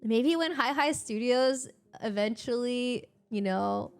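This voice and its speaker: A young woman streamer chatting casually, animated and expressive, laughing and swearing freely. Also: a little high, slow, clean tone, soft background music. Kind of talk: casual live-stream chat.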